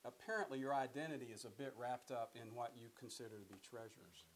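A man's voice: medium pitch, fast, low-quality recording. A man teaching a Bible study in a conversational way, often repeating words and putting questions to his listeners. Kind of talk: sermon-style Bible teaching.

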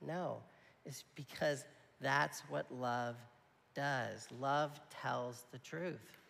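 A man's voice: mid-range voice, extremely slow, vocal fry, a bit bright, a little hiss or hum. A man preaching a sermon in a conversational, emphatic way, often checking in with his listeners. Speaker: pastor. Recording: long hall reverb.

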